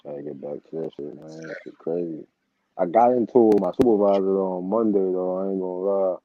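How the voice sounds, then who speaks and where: A man's voice: deep voice, brisk, a little hiss or hum. A young man, telling a story about his boss in casual, profane chat and acting out the heated exchange. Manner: profane, animated storytelling with quoted outbursts. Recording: dull, lo-fi sound.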